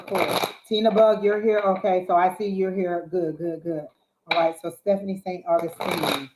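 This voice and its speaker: A woman's voice: on the low side, a little hiss or hum. A woman giving live psychic tarot readings, talking in an encouraging, repetitive way with frequent fillers. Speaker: psychic reader. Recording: roomy echo.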